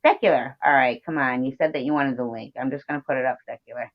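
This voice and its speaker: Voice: mid-range voice, fairly even intonation, quick pace, dry recording, muffled recording. A co-host rambling casually on a livestream call. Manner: chatty, rambling.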